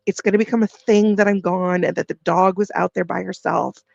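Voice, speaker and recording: Animated storytelling woman, dry close sound. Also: lowish voice, brisk, creaky, no echo, dull audio. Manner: animated, acts out quoted dialogue with repeated restarts. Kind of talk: casual storytelling on a livestream.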